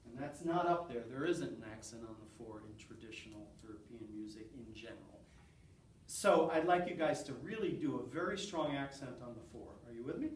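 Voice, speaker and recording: A man's voice: mid-range voice, fairly quick, far from the mic, a little hiss or hum. Man teaching in a roomy classroom. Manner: animated, counts beats aloud and quizzes the class. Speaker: college music lecturer. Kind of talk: classroom lecture with clapping exercises. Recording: roomy classroom sound from off-mic.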